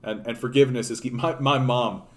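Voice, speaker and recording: Male streamer from Canada, mid-pitched, loose rambling delivery with false starts and profanity. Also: fairly even intonation, fairly quick. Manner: rambling, frequent restarts and profanity. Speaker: political livestream host. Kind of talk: casual unscripted commentary.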